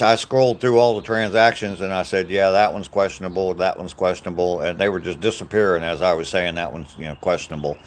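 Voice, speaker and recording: Low-voiced older American man rambling. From United States. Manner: rambling, jokey, laughs at own stories. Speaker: live-stream host. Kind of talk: casual chat with live chat viewers. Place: outdoors on a walk.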